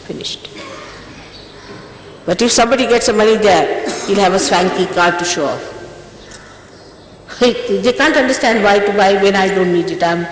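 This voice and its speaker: A woman's voice: mid-range voice, moderate pace, long pauses. An older woman, a spiritual teacher, giving an emphatic, scolding talk to her followers before a ceremony, often repeating herself. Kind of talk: informal exhortation before a ceremony. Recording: echoey hall, faint hiss, old tape.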